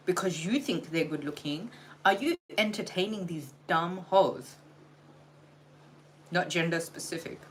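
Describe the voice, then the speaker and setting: A woman's voice: on the low side, a bit bright, slight background noise, poor audio. A tired woman giving a blunt, exasperated livestream tarot reading, lecturing her viewers and swearing freely. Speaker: tarot reader.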